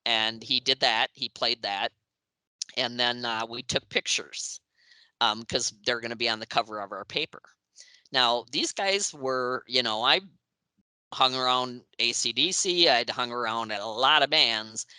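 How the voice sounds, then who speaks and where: A woman in her sixties, a guest in an interview, telling lively anecdotes with frequent laughs and acted-out quotes. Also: extremely low pitch, a little slow, clean tone, no room sound, rough recording. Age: 60s. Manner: lively, acts out quoted voices, laughs often. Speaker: interview guest, music writer.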